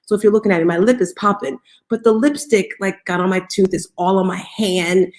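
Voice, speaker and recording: A woman hosts a motivational morning talk with an upbeat, coaxing energy. She calls on listeners and leads call-and-response cheers. Her voice sits at a middle pitch. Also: steady tone, fairly quick, darkish tone. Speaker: host of a live audio room.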